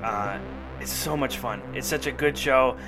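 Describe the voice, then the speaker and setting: A man's voice: medium pitch, measured pace. Chatty podcast host man with music under. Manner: rambling, enthusiastic, lots of fillers. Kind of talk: casual chat.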